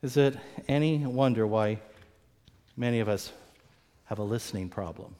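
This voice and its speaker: A man preaching an earnest sermon, often repeating words as he goes and acting out quoted voices with big swings in pitch. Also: moderate pace, warm tone. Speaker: pastor. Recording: long hall reverb.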